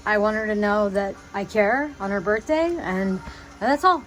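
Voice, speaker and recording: A young woman recording a pleading, emotional video message to her father, agitated and halting, often restarting her sentences. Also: mid-range voice, lively intonation, fairly bright tone, faint music behind, rough recording. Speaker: vlogger addressing her father.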